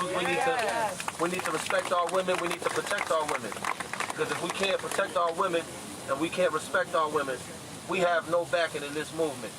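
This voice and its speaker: A man's voice: sits high, poor audio. A man in his twenties giving an impassioned, urgent protest speech outdoors, repeating his points with force. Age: 20s. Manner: fervent, repetitive, urgent. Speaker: rally speaker. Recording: loud crowd and street noise.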